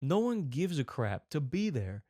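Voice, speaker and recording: Excitable man riffing on a clip. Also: fairly high pitch, a little slow, no room sound, clean studio sound. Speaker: comedy commentary host. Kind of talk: comic video reaction commentary.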